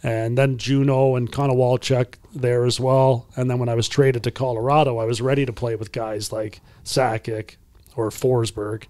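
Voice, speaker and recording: A man in his fifties, a podcast guest and former hockey player, telling stories in a casual, animated way and acting out the people in them. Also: medium pitch, normal speed, no room sound. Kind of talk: casual storytelling.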